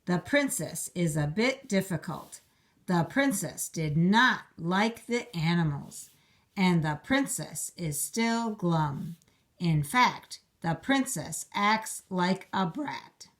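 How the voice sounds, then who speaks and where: A woman voicing a fretting queen in a children's storybook, read slowly and deliberately. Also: lowish voice, expressive.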